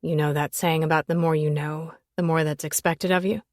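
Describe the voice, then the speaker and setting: A woman's voice: low-pitched, little pitch movement, fairly quick, darkish tone, no room sound, clean studio sound. Intimate woman reading a romance audiobook. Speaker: audiobook narrator. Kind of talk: first-person romance audiobook narration.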